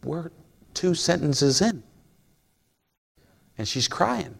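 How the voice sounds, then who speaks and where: A man's voice: fairly high pitch, expressive, drawn-out words, creaky. A man preaching a sermon in a folksy, storytelling way, joking with the congregation.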